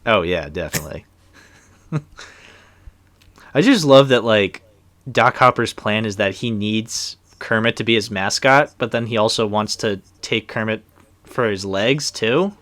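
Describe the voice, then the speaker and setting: With a fairly low, slightly bright voice, a young man rambles through a casual movie commentary he co-hosts, speaking a little slowly and expressively while pausing often. Fillers and unfinished sentences run throughout, and no room sound is audible.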